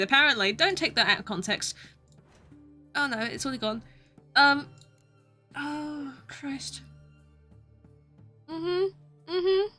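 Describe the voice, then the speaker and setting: A woman's voice: high voice, sharp tone. A young woman streaming a video game, chatting along with giggly, self-mocking asides. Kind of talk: live gameplay commentary.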